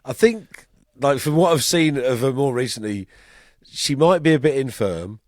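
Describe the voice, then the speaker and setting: A man's voice: mid-range voice, animated, moderate pace, darkish tone, no room sound, studio quality. A British man co-hosting a podcast, chatting casually with wry, laid-back remarks. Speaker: podcast co-host. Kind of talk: casual chat.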